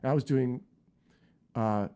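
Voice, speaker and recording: A man in his fifties, a guest guitarist in a casual interview, telling lively stories with frequent restarts. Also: mid-range voice, unhurried, clear, resonant tone.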